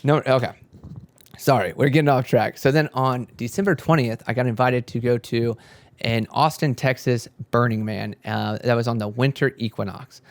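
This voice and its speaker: A man's voice: mid-range voice, moderate pace. A young man telling a spiritual story in a casual, rambling way, swearing often and acting out what he and his friends said. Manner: rambling, profane, animated quoting of himself and friends. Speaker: spiritual content creator.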